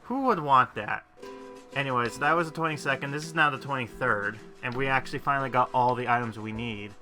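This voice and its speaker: Over soft background music, a man hosting a gaming video chats away as he plays, his medium-pitched delivery brisk, pushed, and bright. He rambles, mocks himself, and leans heavily on filler words.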